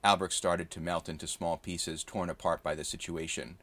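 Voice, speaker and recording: A man narrating a tabletop game session as a story in steady, understated prose. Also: sits low, moderate pace.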